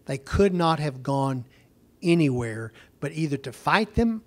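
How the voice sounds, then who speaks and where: A man teaching a Bible lesson as a home missionary, telling an anecdote in an animated way and acting out both sides of a conversation. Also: fairly high pitch, unhurried.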